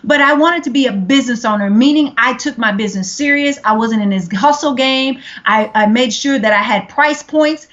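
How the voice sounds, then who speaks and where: A woman's voice: on the high side, normal speed, few pauses, a bit bright, highs cut off. A woman guest speaker on a business show, talking in firm, declarative statements. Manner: assertive, declarative. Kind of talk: interview guest.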